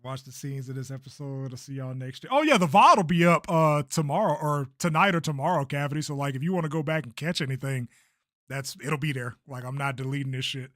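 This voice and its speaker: A man's voice: medium pitch, fast talker, a bit bright, dry recording, studio quality. A young man chatting casually on a livestream about his own video, laid-back and swearing freely. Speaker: streamer and creator.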